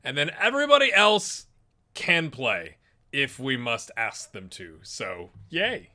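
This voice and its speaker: A man's voice: medium pitch, very animated, takes it slowly, pushed and bright. A man casually commenting on his own football management game, chatty and self-mocking, urging his players on. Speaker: gaming YouTuber.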